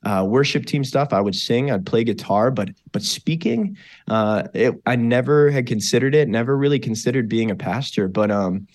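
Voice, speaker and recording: A man's voice: medium pitch, moderate pace. Earnest male pastor telling his story. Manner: earnest, animated retelling with many fillers and restarts. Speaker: pastor, podcast guest. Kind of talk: personal testimony storytelling.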